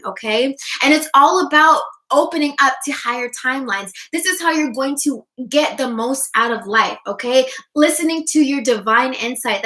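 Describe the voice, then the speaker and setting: A woman's voice: on the high side, bright, forceful tone. A young woman life coach giving a motivational live-stream talk, checking in with frequent "okay?" and "right?". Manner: enthusiastic, repeats "okay?" and "right?".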